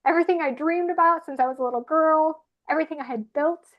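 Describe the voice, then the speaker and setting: A woman who is a regular panelist, sharing a personal spiritual story in an earnest, animated way. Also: sits high, fast. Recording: muffled lo-fi audio.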